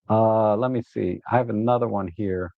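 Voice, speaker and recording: A man's voice: fairly low pitch, creaky, no room sound. A man hosting a photography livestream, talking casually and rambling through his shots, sometimes getting worked up and laughing. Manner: chatty and rambling, with frequent "uh" and repeated starts; gets animated and exasperated when griping, with laughs. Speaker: photography channel host. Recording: dry, phone-like narrow sound.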